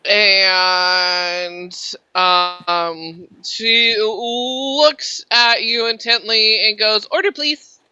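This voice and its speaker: Woman game master, relaxed chatty narration, very bright, crisp, dull lo-fi sound. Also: medium pitch, drawn-out words, no echo. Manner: relaxed, chatty, filler-heavy.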